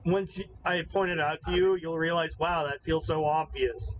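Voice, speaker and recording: A man co-hosting a podcast in casual chat, excitable and explaining things at length. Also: fairly high pitch, moderate pace, highs cut off, a little hiss or hum. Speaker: podcast co-host.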